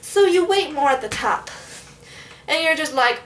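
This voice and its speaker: A young woman telling a story in a casual vlog, animated and sassy, acting out what people said. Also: high voice, unhurried, recorded from a distance. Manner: animated, sassy, dramatic retelling with quoted asides. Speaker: vlogger.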